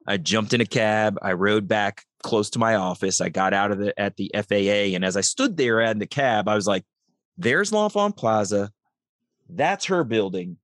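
Middle-aged male guest, low voice, dry close sound, animated storyteller who plays out each line of dialogue. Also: normal speed, dry recording. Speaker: podcast guest. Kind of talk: storytelling interview.

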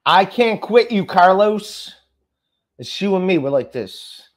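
A man's voice: high voice, expressive, slow. A man hosting a casual podcast chat, rambling and stammering as he talks. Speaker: podcast host.

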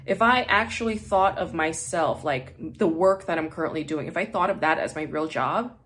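Woman podcast host, casual monologue, fairly low voice, chatty and blunt, swears and laughs a lot, English not her first language. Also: normal speed, fairly bright tone, a little hiss or hum. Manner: candid, chatty, swears freely, laughs often.

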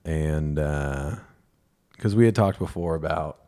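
A man's voice: a bass voice, slow, warm tone. A man co-hosting a podcast, casually telling a candid, self-deprecating story and acting out the lines of others. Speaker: podcast co-host.

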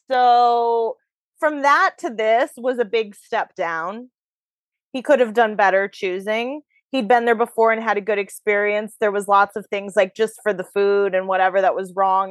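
A woman's voice: mid-range voice, steady tone, a little slow, dry recording. A woman hosting a podcast, chatting frankly and casually about her dating life. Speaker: podcast host. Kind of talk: casual chat. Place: New York.

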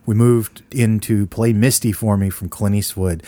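A man's voice: fairly low pitch, steady tone, moderate pace, warm tone, no room sound. A middle-aged man co-hosting a movie podcast, rambling and joking as he tells stories. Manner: rambling, joking, laid-back storyteller. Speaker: podcast co-host. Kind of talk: casual movie podcast chat.

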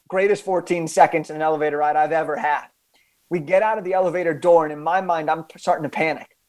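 A young adult man, an author and podcast guest, telling a story with animated emphasis and frequent restarts. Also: a little high.

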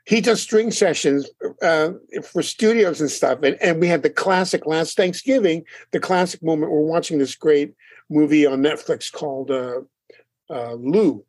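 A man with a somewhat high voice spins lively stories about his bandmates in a casual interview. He acts out little quotes and laughs often. The sound is dry and close. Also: normal speed, no room sound. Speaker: band leader and drummer.

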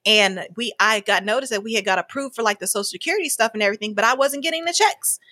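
A woman's voice: a little high, quick pace, no echo. A woman, a guest telling a personal story in casual conversation, acting out what people said. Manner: animated, acts out quoted dialogue with frequent laughs.

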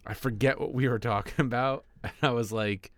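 A man's voice: mid-range voice, fairly even intonation, normal speed, no room sound. A man co-hosting a casual podcast, telling stories animatedly, acting out quotes and laughing often. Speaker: podcast co-host and teacher. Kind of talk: casual storytelling.

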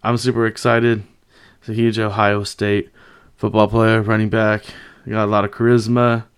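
A man's voice: on the low side, little pitch movement, moderate pace, smooth. A man hosting a casual sports commentary, upbeat and loose with plenty of fillers. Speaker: podcast host.

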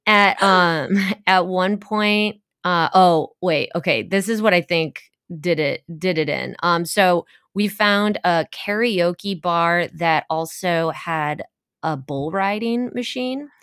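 A woman's voice: lowish voice, slow pace, fairly bright tone, smooth, no room sound, studio quality. A young woman co-hosting a podcast, chatting loosely and telling stories with lots of fillers. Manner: chatty storyteller with many fillers and laughs. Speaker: podcast co-host. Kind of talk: casual chat.

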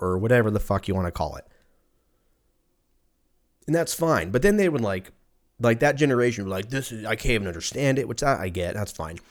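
A man in his thirties hosting a podcast, ranting casually in a profane, rambling, sarcastic way. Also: mid-range voice. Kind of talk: casual rant.

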